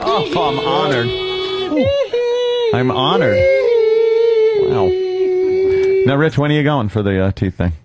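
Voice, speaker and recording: A man's voice: medium pitch, wildly swooping pitch, takes it slowly, pauses often, loud music behind the voice. A male radio cohost tossing in dry wisecracks during casual banter.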